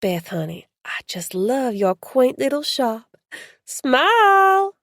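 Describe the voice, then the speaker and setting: A brash, drawling Southern tourist who gushes over everything and never stops talking, as a woman reader puts her on. The voice sits low with a gravelly edge, and it is recorded close and dry, as in a storybook reading. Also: sing-song, takes it slowly, fairly bright tone, dry recording, full character voice. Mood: gushing. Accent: Southern US, put on. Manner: drawling, effusive. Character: brash gushing American woman tourist, true crime blogger.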